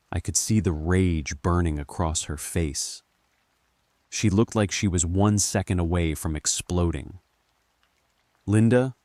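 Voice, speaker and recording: A man narrating a scripted horror story in a calm, measured first-person telling. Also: sits low, no echo.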